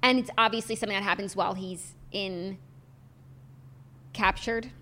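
A young woman co-hosting a podcast in casual chat, animated and exasperated, with lots of "like" fillers. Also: mid-range voice, moderate pace. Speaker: podcast co-host.

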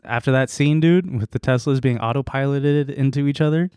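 A man's voice: medium pitch, a little fast, clear, resonant tone, no echo, studio quality. A young man co-hosting a podcast in casual chat, offhand and teasing. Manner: relaxed, offhand, makes teasing predictions. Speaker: podcast co-host.

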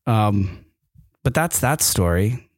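A man's voice: fairly low pitch, animated, takes it slowly, dry recording. Guy rambling thru a family story on his podcast, lots of ums, dry mic. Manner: rambling, with many fillers and restarts. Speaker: podcast host. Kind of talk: casual storytelling monologue. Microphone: microphone with camera.

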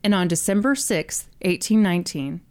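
A woman's voice: lowish voice, normal speed, darkish tone. A woman hosting a podcast, telling a story in a casual, jokey way with casual swearing.

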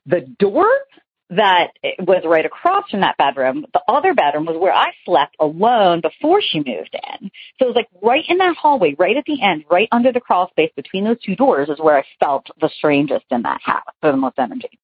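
A woman's voice: on the low side, big pitch swings, normal speed, husky, no echo. A young adult woman calling in to tell a ghost story, chatty and rambling with many fillers, over a phone line. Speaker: caller telling a ghost story.

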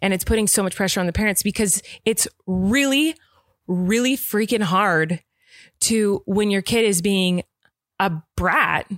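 A young adult woman co-hosting a podcast, talking at length in a chatty, animated way about parenting. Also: mid-range voice, no room sound, clean studio sound. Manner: talkative, animated, quick asides. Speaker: podcast co-host. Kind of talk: casual chat.

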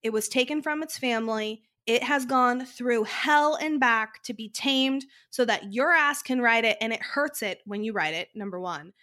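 A woman's voice: on the high side, fairly bright tone. A young adult woman co-hosting a podcast, telling stories emphatically, with casual swearing. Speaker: podcast co-host. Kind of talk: casual chat.

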